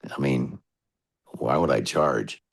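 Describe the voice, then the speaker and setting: A man's voice: a bass voice, slow pace, vocal fry, slightly rough. An American man, a radio DJ, telling rambling stories as a guest in a casual interview. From United States. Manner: chatty, rambling anecdotes.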